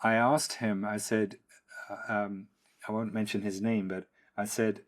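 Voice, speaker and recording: A man from the Netherlands hosting an interview as a coach, speaking in a measured, reflective way. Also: lowish voice, flat delivery. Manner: measured, reflective, frequent hums of agreement. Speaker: podcast host, coach. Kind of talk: conversational interview.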